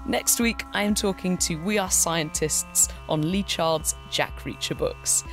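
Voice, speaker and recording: A woman's voice: on the low side, unhurried, soft background music. A woman hosting a podcast, asking thoughtful questions and reading the show's outro. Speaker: podcast host.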